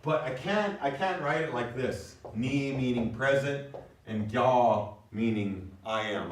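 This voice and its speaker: A man's voice: medium pitch, slow pace. A man teaching a language class, explaining words step by step and checking that his students follow. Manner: explanatory, repeats checks like "you know what I mean?". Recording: echoey classroom from far off.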